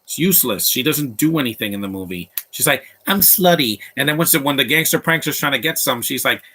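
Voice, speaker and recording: A man with a bright, forceful voice talks over a movie as it plays, tossing out blunt opinions and rambling asides. His pitch sits in an ordinary middle range for a man. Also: fast talker, breathy edge. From Latino background. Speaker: movie commentator. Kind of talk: live movie commentary.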